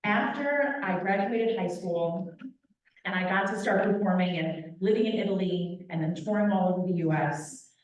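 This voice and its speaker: Animated woman speaking in an echoey hall. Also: lowish voice, moderate pace. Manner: animated, playful and direct with the crowd. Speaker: guest speaker, opera company vice president. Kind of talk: lively public talk to an audience. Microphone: handheld microphone. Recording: very echoey hall, picked up from a distance.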